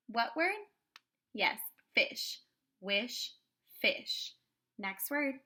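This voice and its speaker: Woman kindergarten teacher, bright tone, very slow deliberate phonics prompts, cheerful and clear. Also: a little high. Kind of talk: online phonics lesson.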